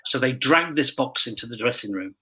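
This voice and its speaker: A man's voice: mid-range voice, lively intonation, fairly quick, sharp tone, low-quality recording. A man who performs as a pantomime dame, telling rambling backstage anecdotes in casual chat and admitting he talks too much.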